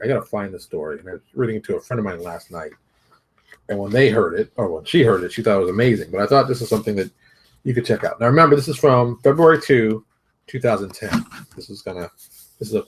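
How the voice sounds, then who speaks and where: Husky-voiced man ranting to camera. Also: lowish voice, expressive, fast. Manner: emphatic, repeats points, frequent restarts. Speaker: host and game publisher. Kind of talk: solo opinion monologue.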